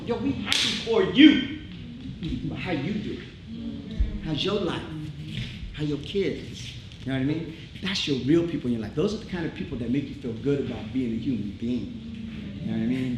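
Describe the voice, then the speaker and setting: A middle-aged man speaks from a theatre stage in a casual, heartfelt way, hammering his points with repetition. The hall rings with echo, and a steady live-room noise sits under him. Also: medium pitch, a little fast. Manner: emphatic, repetitive, casual street talk. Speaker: speaker at a tribute show.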